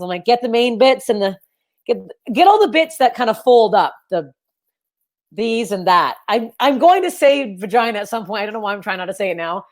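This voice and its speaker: A woman in her thirties performs stand-up into a webcam at home. She rambles and runs herself down, now and then jumping into loud, squeaky outbursts. Her nose is stuffed and sniffly. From Canada. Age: 30s. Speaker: stand-up comedian. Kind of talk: stand-up comedy on a video call. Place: her parents' house, indoors. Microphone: webcam on a video call.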